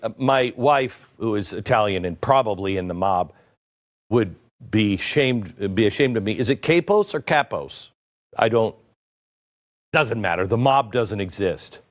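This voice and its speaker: Sarcastic male political commentator, lively. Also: mid-range voice. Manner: sarcastic, mocking asides.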